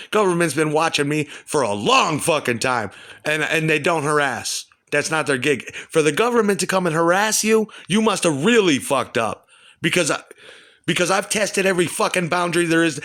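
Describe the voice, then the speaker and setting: A man's voice: a little high, fairly bright tone. A man at home delivering an agitated, profane, rambling rant. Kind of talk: rambling monologue to camera. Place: at home indoors.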